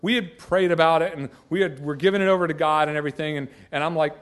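A man's voice: on the high side, fast talker. A middle-aged man from Georgia, telling a personal story in a rambling, folksy way that often restarts mid-sentence. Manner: rambling, self-interrupting, folksy.

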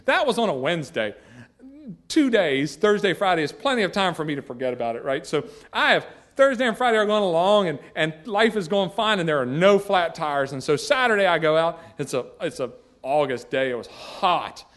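Man, middle-aged, slightly higher register; folksy rambling storyteller. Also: sing-song, brisk, fairly bright tone. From Georgia, US. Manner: rambling, self-interrupting, folksy. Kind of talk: casual personal storytelling.

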